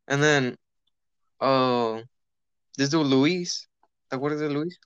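A man's voice: mid-range voice, slow pace, pauses often, clean tone, no room sound, highs cut off. A young man chatting casually, swearing freely and telling a story while acting out the people in it. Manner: animated, swearing, acts out quoted people.

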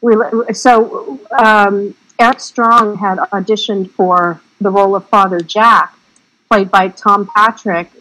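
A woman's voice: mid-range voice, fairly even intonation, slow, bright, forceful tone, low-quality recording. A woman film director in a casual interview, talking in a chatty, rambling way with frank, salty remarks.

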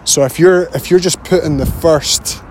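A man's voice: on the high side, moderate pace, darkish tone, slight background noise. A man hosting a songwriting podcast, talking in a casual, thoughtful monologue with loose restarts.

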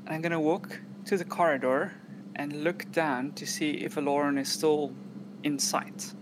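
A woman's voice: deep voice, fairly even intonation, measured pace, noisy background. A woman playing in a tabletop role-playing game, saying in first person what her butler character does. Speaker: player.

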